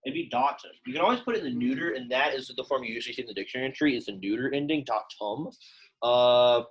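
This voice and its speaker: Young male teacher, chatty and loose, a bit husky, classroom lesson. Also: medium pitch, fast talker, muffled recording. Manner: casual, chatty, lots of "like" fillers. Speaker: Latin teacher.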